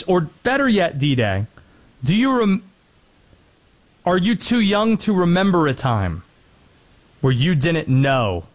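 A man hosting a talk radio show, chatting and joking with callers and co-hosts. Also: fairly high pitch. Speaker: radio host. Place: radio studio.

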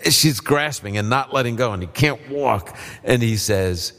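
A man hosting a live radio Q&A, explaining Bible verses in a relaxed, conversational way with fillers. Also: medium pitch, a little slow, in a large hall. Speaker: radio host answering Bible questions. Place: live audience event.

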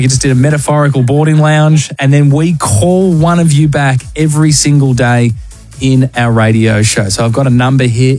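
A man with an Australian accent hosting a radio show, energetic and jokey, full of slang. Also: medium pitch. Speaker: radio host. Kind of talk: breakfast radio banter. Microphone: studio microphone.

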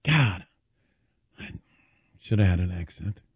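A middle-aged man from the Midwest hosting a sports radio show, telling stories with animated, laughing delivery. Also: sits low, slow pace, breathy edge, dull audio. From American Midwest. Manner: lively storytelling with laughs. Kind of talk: casual sports radio banter.

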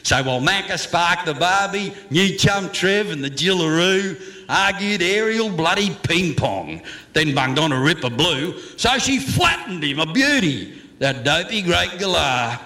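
A man's voice: a little high, expressive, unhurried, sharp tone. A man with an Australian accent reciting a comic verse yarn in a rollicking, theatrical way, heavy with slang.

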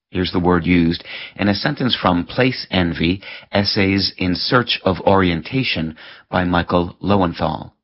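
A man hosting a short word-of-the-day feature, reading a scripted definition in a measured, precise way. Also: low-pitched, slightly rough, muffled recording.

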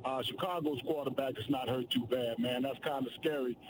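A man's voice: mid-range voice, steady tone, fairly quick, background noise. A man calling in to a sports radio show, talking playfully in slangy chat over the phone. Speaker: radio caller. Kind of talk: casual call-in chat.

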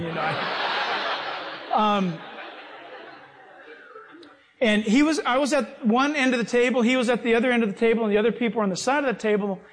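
Animated high-voiced male preacher. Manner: animated, acts out voices in his stories. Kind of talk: sermon with personal stories.

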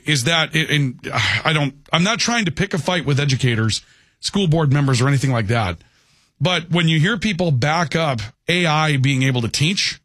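Chatty radio host, dry close sound. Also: male voice, fairly high pitch, a bit bright, no room sound. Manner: conversational, peppered with "okay". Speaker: radio talk show host. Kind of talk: call-in radio talk.

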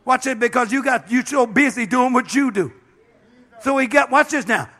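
A man's voice: very high voice, normal speed, bright, forceful tone. A man, a bishop, preaching a sermon with passion, dropping frequent amens and calling out to the congregation. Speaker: bishop and pastor.

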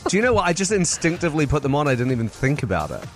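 A man's voice: a little high, sing-song, very fast, over music. A man co-hosting a radio show, reassuring and playful with a caller. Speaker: radio co-host.

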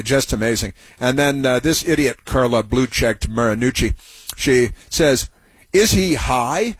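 A man hosting a talk radio show, delivering a mocking, sarcastic monologue full of halting fillers. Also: mid-range voice, husky, no echo.

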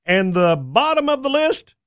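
A man's voice: extremely high pitch, very animated, measured pace, a bit bright, clear, resonant tone. A man hosting a country radio show, chatting in a folksy, joking way. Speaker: radio host. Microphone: studio microphone.

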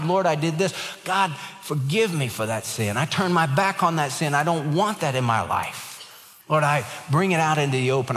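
A man's voice: on the high side, fairly bright tone. A man preaching a sermon in an earnest, emphatic way, with an easy storytelling touch. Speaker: pastor. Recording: long hall reverb.

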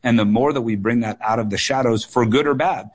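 A man's voice: medium pitch, a little fast, husky. A young adult man from the United States, a political candidate answering questions on a call-in radio show, earnest and often restarting his phrases. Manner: earnest, with frequent restarts and repeated words.

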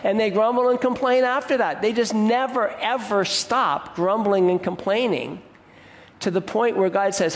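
A man's voice: high voice, normal speed, long reverb tail. A man preaching a sermon in a conversational way, now and then raising his voice to mock grumbling people. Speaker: pastor.

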